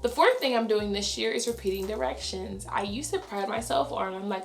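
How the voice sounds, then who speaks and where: A young adult woman, a schoolteacher, talking fast and chatty in a casual vlog, her voice raspy and tired. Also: mid-range voice, roomy sound, faint music behind. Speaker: elementary school teacher. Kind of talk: casual vlog talk to camera.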